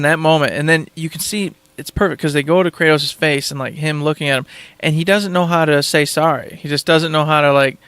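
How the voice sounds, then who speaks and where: A man hosting a podcast, talking in casual chat with enthusiastic, rambling excitement. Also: fairly high pitch, no echo. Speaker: podcast host.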